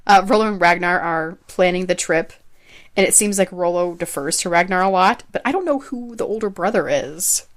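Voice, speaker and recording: A woman's voice: on the low side, normal speed. A young adult woman co-hosting a podcast in casual chat, chatty, laughing often and trailing off mid-sentence. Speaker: podcast co-host.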